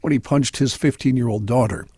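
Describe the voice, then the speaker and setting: A man reading news items on a talk radio show in a steady, measured way. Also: mid-range voice.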